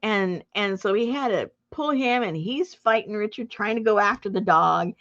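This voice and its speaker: A middle-aged woman telling a story to her viewers in a casual, animated way, breaking into laughter and loud acted outbursts. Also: medium pitch, moderate pace. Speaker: junk journal crafter and channel host. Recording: dull lo-fi home recording.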